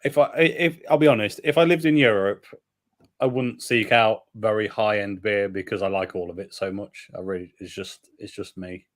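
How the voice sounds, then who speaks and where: A British man chats casually on a beer live stream. His talk rambles and his lines often trail off quietly in a self-deprecating way. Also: fairly low pitch, moderate pace. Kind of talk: casual chat.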